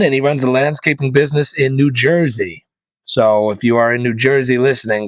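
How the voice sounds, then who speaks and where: A man hosting his own podcast, joking through casual rambling asides in a deadpan way, from northeastern Pennsylvania. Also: medium pitch, no echo. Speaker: podcast host. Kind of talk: casual comedic monologue.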